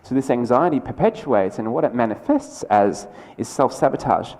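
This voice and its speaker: Man giving a keynote. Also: medium pitch. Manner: conversational and energetic, with quick asides and restarts. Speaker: keynote speaker. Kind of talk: conference keynote talk. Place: large lecture hall. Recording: lecture hall with long reverb.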